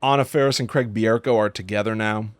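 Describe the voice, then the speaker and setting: A man's voice: lowish voice, steady tone, quick pace, clear, resonant tone, no room sound. A man co-hosting a podcast, chatting casually about a film he hated, sarcastic and exasperated, acting out scenes as he retells them. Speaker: podcast co-host. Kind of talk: casual movie review chat.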